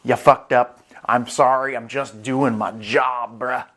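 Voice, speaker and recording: A relaxed, easygoing navy admiral, put on by a man, tossing off slangy, matter-of-fact remarks. He speaks at an ordinary, mid-range pitch in a casual recap-style telling. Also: slow. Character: laid-back easygoing male navy admiral.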